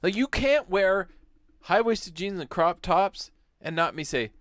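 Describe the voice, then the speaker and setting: A man's voice: sits high, animated, measured pace, fairly bright tone, dry recording, studio quality. Easygoing American man rambling. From United States. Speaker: podcast co-host. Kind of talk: casual podcast chat.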